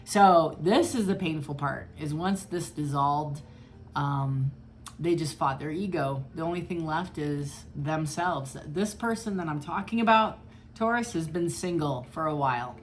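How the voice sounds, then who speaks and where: Low-pitched woman tarot reader, blunt and chatty, faint background hiss. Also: a little slow. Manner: chatty, blunt, swears freely. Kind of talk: casual tarot reading.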